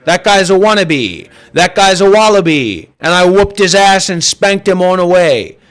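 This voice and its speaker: This voice chat host and streamer sounds high-pitched and animated, unhurried, with a fairly bright tone. He's on a livestream rant, scolding his listeners by cursing and saying the same things over and over.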